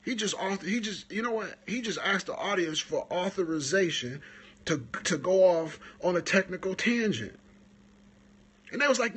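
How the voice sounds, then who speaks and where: A man hosting a live stream, coaching photographers in a casual, animated talk that climbs higher when he retells stories. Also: normal speed, slightly rough.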